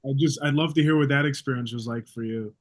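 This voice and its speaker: A man's voice: mid-range voice, quick pace. A man hosting a podcast, leading into his questions in a conversational way. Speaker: podcast host. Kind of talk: interview questions.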